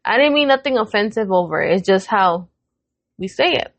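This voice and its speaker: A woman's voice: mid-range voice, a little fast, dry recording. Woman telling a blunt family story. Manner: animated retelling with quoted voices, frequent swearing. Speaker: podcast co-host. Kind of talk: casual storytelling chat.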